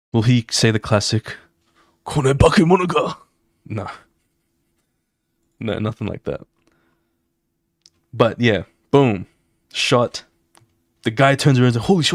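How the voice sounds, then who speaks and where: Young male streamer, low and dry, who tells a story animatedly with slang and sound effects. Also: dry recording. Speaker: artist streamer. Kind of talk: casual storytelling while drawing.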